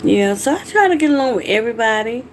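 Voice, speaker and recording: Her voice sits on the high side with lively intonation and a quick pace, over a faint hiss or hum. She's a middle-aged Southern woman from Georgia, USA, casually reading and reacting to comments while frankly chatting on her livestream.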